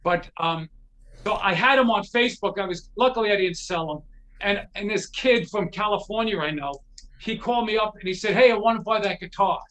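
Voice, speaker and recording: A man's voice: sits high, a little fast. A middle-aged man, a guest on a show, casually telling a long anecdote, acting out the lines of the people in it and swearing freely. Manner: animated anecdote teller, acts out quotes, swears freely. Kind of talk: casual storytelling.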